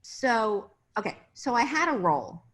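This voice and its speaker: A woman's voice: a little high, very animated, measured pace, fairly bright tone. A middle-aged woman, a casting director, telling industry anecdotes in a casual interview over a video call. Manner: chatty anecdotes, acting out quoted voices.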